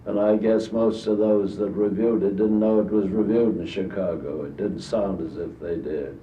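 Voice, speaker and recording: An elderly American man with a very low voice recalls old stories at length, trailing off and restarting his sentences. He is heard off-mic on a dull old tape in an echoey room with faint hiss. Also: fairly even intonation, recorded from a distance. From United States. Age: 80s. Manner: rambling anecdotal storytelling with halting restarts. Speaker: interviewee. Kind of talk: recorded archival interview.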